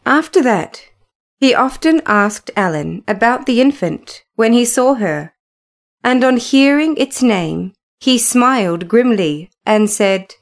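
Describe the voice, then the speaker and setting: A woman reading a classic novel aloud as narrator, in an unhurried, measured storytelling manner. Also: fairly high pitch, lively intonation.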